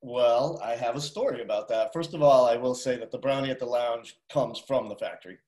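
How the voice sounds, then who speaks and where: A man co-hosting a radio food show, telling his stories with lively animation. His voice is at a middle pitch, and the recording carries a noticeable roomy echo. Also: fairly quick. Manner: animated storyteller. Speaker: radio show co-host and food tour guide. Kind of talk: casual radio chat.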